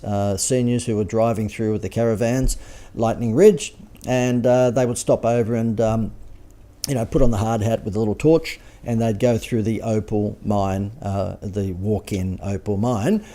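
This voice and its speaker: Man, business coach, slide presentation, sarcastic asides, mellow tone. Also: on the low side. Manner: dry, sarcastic, chuckling asides.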